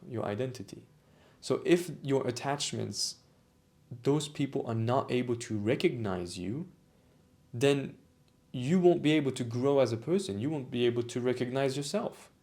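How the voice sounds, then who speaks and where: A man talking reflectively to camera about his own experience, with frequent restarts, repeated phrases and moments of emotion. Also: medium pitch. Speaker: vlogger on autistic culture. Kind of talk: reflective personal monologue.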